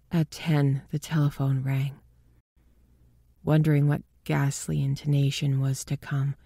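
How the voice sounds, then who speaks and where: A woman with a low, breathy voice narrates a ghost story from a script. She reads slowly and often sinks into a whisper. The recording is close and dry. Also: dry recording. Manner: hushed, often whispering delivery.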